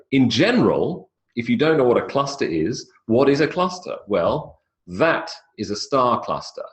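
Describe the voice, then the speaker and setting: A man giving a live online English pronunciation lecture in a chatty, explanatory way. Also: mid-range voice. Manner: chatty, explanatory, stretches words for emphasis.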